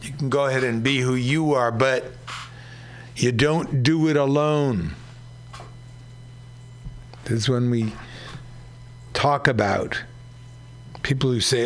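Slow-talking male radio host. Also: medium pitch, slight background noise. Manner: slow, unhurried, conversational. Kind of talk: community radio commentary.

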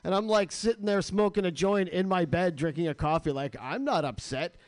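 A man's voice: sits high, fairly even intonation, fairly quick, dry recording. A man hosting a radio show, ranting with crude, sarcastic comedy in a studio.

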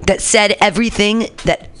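A woman's voice: medium pitch, fairly even intonation, normal speed, a bit bright, slight background noise. A woman hosting a radio show, ranting casually and profanely about politics and talking back to the news. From San Francisco area. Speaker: radio host.

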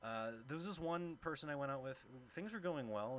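A man's voice: medium pitch, expressive, a little fast, fairly bright tone, slight background noise. A man doing stand-up at a comedy venue, telling a story and acting out the quoted voices. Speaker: comedy show host and stand-up comic. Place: comedy venue, live audience.

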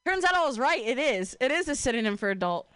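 A young woman works through a stand-up set in a loose, profane, self-deprecating ramble, leaning on "like" and "you know." Her voice sits a touch high and the sound is dry and close to the mic. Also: very animated, fast talker, fairly bright tone, clear, resonant tone, no room sound. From Ohio, USA. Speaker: stand-up comedian.

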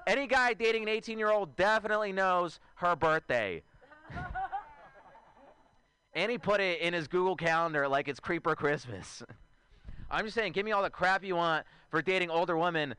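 A man's voice: high-pitched, moderate pace, pushed and bright. A man in his twenties performing a stand-up comedy set, chatty and self-mocking, riffing with asides to the crowd. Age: 20s. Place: outdoor show.

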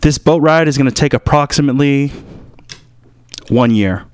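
A man hosting a radio show, rambling through a joking monologue full of fillers and sudden loud put-on voices. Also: medium pitch, normal speed, clear, resonant tone. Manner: rambling, jumps into loud shouted impressions; filler-heavy, loose and joking.

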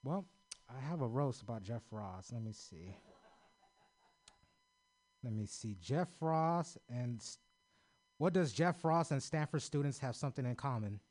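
An American man performs an open-mic stand-up set in a rambling, offhand way. He curses freely and shrugs off his own jokes. His voice sits at an ordinary pitch, and the sound is dry and close. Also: lively intonation, unhurried, pauses often, darkish tone, dry recording. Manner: loose and rambling, self-deprecating, heavy swearing. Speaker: stand-up comedian. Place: small comedy open mic.

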